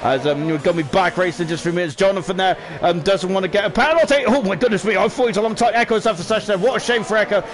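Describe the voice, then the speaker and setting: A very high-voiced man calls a sim race live, his talk packed with fillers and tag questions. He jumps into excited shouts whenever a car hits the wall. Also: quick pace, hardly any pauses. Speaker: esports race commentator.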